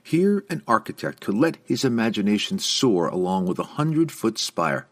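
A man narrating a fantasy novel as an audiobook, with expressive storytelling. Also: fairly low pitch, moderate pace. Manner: expressive storytelling with lively inflection.

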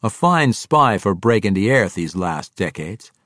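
A suave male dark-elf double agent, cool and measured, voiced by a man reading aloud. The voice sits low but moves with animated pitch. The recording is dry and close. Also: no echo, full character voice. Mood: composed. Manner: cool, measured, self-assured.

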